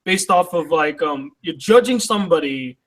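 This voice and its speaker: A man hosting a live online debate, casual and joking, quick to interrupt and push back. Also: on the high side, lively intonation, a bit bright, poor audio. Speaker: debate host.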